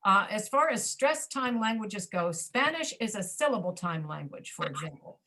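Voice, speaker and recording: A woman's voice: medium pitch, very animated, moderate pace, few pauses, pushed and bright. Woman teaching pronunciation online. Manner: demonstrates spoken reductions, checks understanding often.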